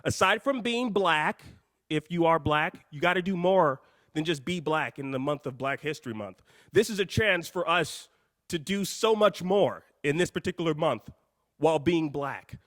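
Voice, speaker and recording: Breathless guy hosting a live show, kinda high voice, hyped and rambly, dry close mic. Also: animated, moderate pace, no room sound. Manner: hyped, jokey, rambling, swings loud and soft. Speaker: host of a live call-in show.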